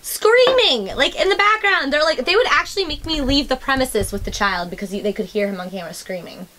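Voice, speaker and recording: Young woman podcast host, fast, bright, animated storyteller who swears casually. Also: high-pitched.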